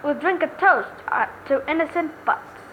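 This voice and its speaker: A woman's voice: sits high, expressive, normal speed, muffled recording, slight background noise. A woman voicing a cheerful, nosy young female sidekick in a game, teasing in her manner.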